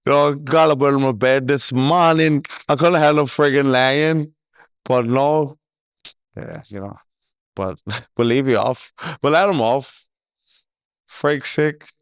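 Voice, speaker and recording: A man's voice: mid-range voice, slow pace, long pauses, clear, resonant tone, dry recording, clean studio sound. Laughing, swearing male podcast host. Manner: animated storyteller who swears freely and laughs often. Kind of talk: casual chat.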